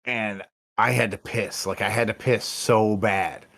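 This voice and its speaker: A man's voice: lowish voice, steady tone, measured pace, a bit bright. A man co-hosting a podcast, telling a story in a blunt, casual, profane way. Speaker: podcast co-host.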